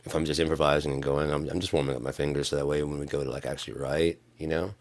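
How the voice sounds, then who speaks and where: A man chatting on a live stream about music practice, rambling and sarcastic, sometimes breaking into mock-angry yelling. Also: a bass voice, flat delivery, very fast.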